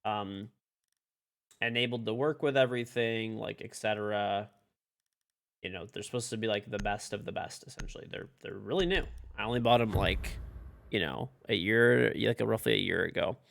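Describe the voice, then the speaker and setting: Bright-voiced, profane young game streamer. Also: male voice, lowish voice, moderate pace, vocal fry. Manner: rambling and profane, full of "like". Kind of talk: casual live-stream chat while gaming. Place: home streaming room.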